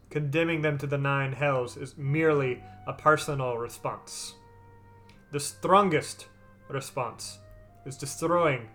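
A man voicing a cold, scheming male villain who speaks slowly and with menace. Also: mid-range voice, fairly bright tone. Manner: slow, menacing, commanding.

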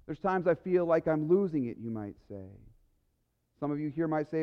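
A male pastor preaching an earnest, emotional sermon, often dropping to soft, quiet phrases. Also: a little high, lively intonation, normal speed, smooth, long reverb tail, muffled recording.

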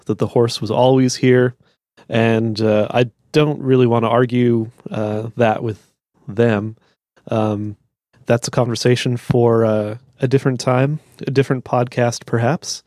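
A man hosting a podcast, reading a history book aloud and breaking off into halting, unscripted asides full of fillers. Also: mid-range voice, darkish tone, dry recording, studio quality.

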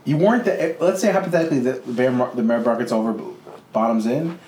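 A man's voice: medium pitch, fast, a little mellow, reverberant, slight background noise. A man co-hosting a casual chat, laid-back, swearing and restarting his sentences. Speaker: co-host.

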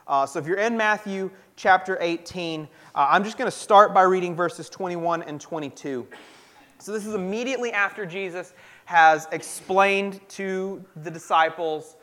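A man's voice: a little high, pushed and bright. A pastor giving a sermon in an earnest, conversational way, often restarting his sentences.

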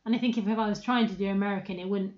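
A woman's voice: mid-range voice, steady tone, rapid-fire. Chatty woman co-host. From Britain. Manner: chatty, laughs often, asks rhetorical questions. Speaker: podcast co-host. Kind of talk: casual chat. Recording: dull lo-fi sound.

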